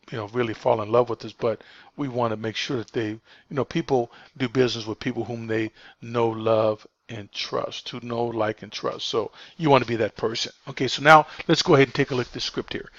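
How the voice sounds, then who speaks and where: A man's voice: medium pitch, steady tone, normal speed, sharp tone, no room sound. A man coaching new phone agents, stressing and repeating his points, with plenty of fillers. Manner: emphatic, repeats key points, many fillers. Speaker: sales trainer. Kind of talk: spoken training walkthrough. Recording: dull lo-fi dry recording.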